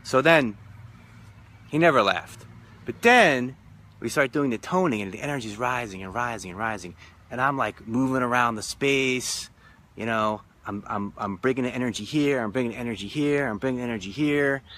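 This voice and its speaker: A man's voice: mid-range voice, moderate pace, fairly bright tone. A man who leads spiritual retreats, giving a reflective live-stream talk with repetitive, emphatic, rhythmic phrasing. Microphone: phone or webcam live stream.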